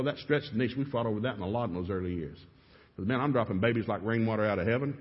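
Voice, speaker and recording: A middle-aged man preaching a sermon, telling lively stories and acting out his own outbursts. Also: medium pitch. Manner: animated storytelling with shouted re-enactments. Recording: echoey hall, dull lo-fi sound.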